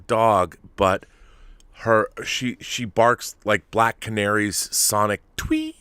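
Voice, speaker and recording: A man hosting a podcast, telling a rambling, animated story in casual chat. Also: fairly low pitch, takes it slowly, clean tone, no room sound. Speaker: podcast host.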